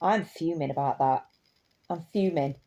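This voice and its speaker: A woman's voice: low-pitched, unhurried, dark tone. A woman telling a story in a casual, impassioned way, indignant and rambling with restarts.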